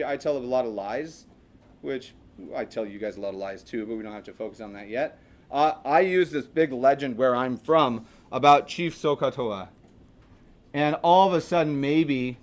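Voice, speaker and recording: A man's voice: mid-range voice, expressive, normal speed. A man teaching a math class in a classroom, chatty and joking, asking his students questions as he lectures.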